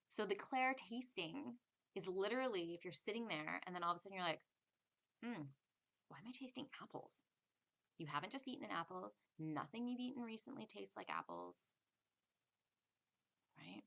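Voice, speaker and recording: A woman's voice: on the low side, gravelly, fairly bright tone. A woman giving a casual spiritual lesson, chatty and acting out little inner voices in quotes. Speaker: spiritual teacher. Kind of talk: casual teaching monologue.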